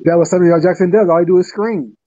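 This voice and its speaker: A man chats casually in a teasing, playful way. His voice is quite high, the sound is dry and muffled, and faint music plays behind. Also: fairly even intonation, fast talker, dark tone, dry recording. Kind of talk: casual chat.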